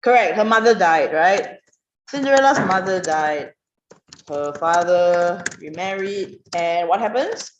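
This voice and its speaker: A woman teaching an online writing class, questioning students and praising their answers in a lively way. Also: fairly low pitch, measured pace, slight background noise. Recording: roomy, dull online class audio.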